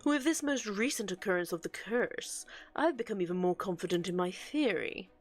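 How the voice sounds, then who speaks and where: A woman reading game dialogue aloud for an earnest, scholarly male occult researcher, with a measured, explanatory delivery. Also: mid-range voice, lively intonation, faint music behind, natural voice.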